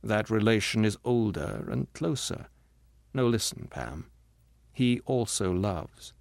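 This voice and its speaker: A man reading the part of a gentle, patient spirit who calmly explains things to his grieving sister in an audiobook. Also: on the low side, takes it slowly, creaky, no echo, studio quality, full character voice. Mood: patient, earnest. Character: patient, gentle bright spirit, the ghost's brother.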